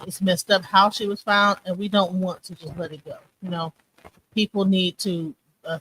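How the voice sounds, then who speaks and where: Woman co-hosting a stream, bright voice, rambling, keeps saying you know what im saying, faint hum of noise behind. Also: lowish voice, poor audio. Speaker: co-host of a live commentary stream. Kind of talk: casual commentary.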